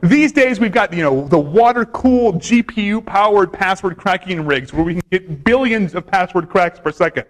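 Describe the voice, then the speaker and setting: Male conference presenter, high-pitched, wisecracking, quizzes the audience. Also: animated, moderate pace, hardly any pauses. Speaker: conference speaker. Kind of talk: conference talk.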